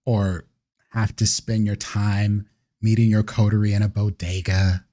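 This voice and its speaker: A man's voice: lowish voice, flat delivery, measured pace, warm tone, close to an everyday voice. A man voicing a coaxing woman vampire. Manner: smooth, coaxing, grandly idealistic. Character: poised, persuasive woman vampire elder. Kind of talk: live-streamed tabletop role-play.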